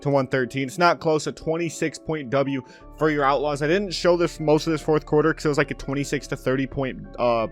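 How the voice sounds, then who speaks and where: A young man with a slightly high voice narrates his basketball video game session in a casual, quick commentary style. He breaks into excited shouts whenever a shot drops, then settles back into running stats. Faint music plays underneath. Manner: excitable, bursts into loud calls on made shots. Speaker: gaming commentator.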